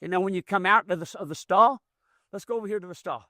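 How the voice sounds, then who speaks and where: A man's voice: high-pitched, fast, bright, forceful tone, no room sound, clean studio sound. A man running a hands-on mule training demonstration outdoors, explaining in a folksy, plainspoken way as he works. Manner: folksy, explains as he works, drawling rural grammar.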